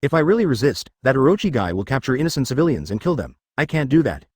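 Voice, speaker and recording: A man's voice: mid-range voice, sing-song, fast talker, breathy edge, no echo, studio quality. A man voicing a tired, stubbornly righteous male samurai lord, in a fan fiction reading.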